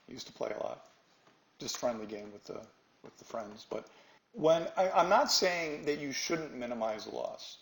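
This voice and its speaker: A man's voice: mid-range voice, reverberant, poor audio. A man teaching a live trading class, emphatic and quizzing his students with questions. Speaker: trading instructor.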